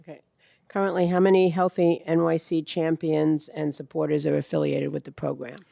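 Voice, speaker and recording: A woman's voice: low voice, level tone, moderate pace, gravelly, dark tone, no echo, studio quality. A woman chairing a council hearing, asking questions in a conversational way and thinking aloud.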